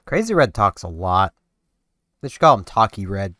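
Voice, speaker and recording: A man's voice: lowish voice, very animated, normal speed, pushed and bright. A man giving casual let's-play commentary, rambling and talking to himself and to the game as he plays. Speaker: gameplay commentator.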